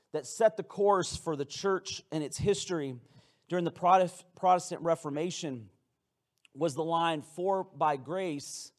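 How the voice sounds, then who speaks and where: A pastor giving a conversational, playful sermon in a church, often restarting his sentences. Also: high-pitched. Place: church sanctuary with congregation.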